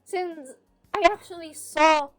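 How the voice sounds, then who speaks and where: A woman's voice: extremely high pitch, slow pace, no room sound, soft background music. A young adult woman with a Filipino accent telling a candid personal story on her podcast, mixing English and Tagalog, swearing and laughing as she goes. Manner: animated, switches between English and Tagalog, swears freely, laughs. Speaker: podcast host.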